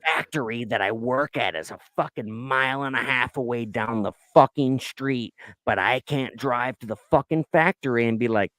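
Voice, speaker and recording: A man's voice: mid-range voice, normal speed, hardly any pauses, a bit bright, no room sound, clean studio sound. A man co-hosting a casual podcast from the United States, ranting with heavy swearing and mimicking people in his stories. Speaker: podcast co-host. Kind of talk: crude casual chat.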